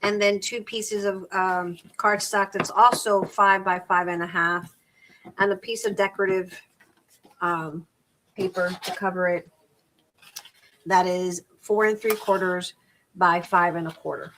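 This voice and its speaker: This is a low-quality recording with a little hiss or hum. A middle-aged woman with a lowish, fairly bright voice speaks at a measured pace and fairly even intonation. Hosting a crafting live stream, she reads out measurements and rambles casually, repeating and restarting words.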